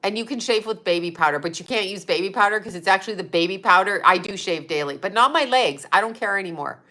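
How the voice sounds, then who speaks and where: A woman in her fifties hosts a loose, chatty livestream. Her voice is bright and forceful, a little stuffed up in the nose. She swears freely and laughs easily as she replies to her viewers. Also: mid-range voice, fast. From Utah. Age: 50s. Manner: chatty, profane, laughs often, answers viewer chat. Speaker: psychic medium host. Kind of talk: casual livestream chat.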